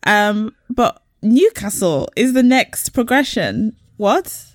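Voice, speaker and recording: A woman co-hosting a podcast in casual, teasing banter. Her voice is a little high and very lively in pitch. The recording is close and dry, with no room sound. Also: measured pace, no echo. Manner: playful, teasing, laughs a lot. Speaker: podcast co-host. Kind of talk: casual chat.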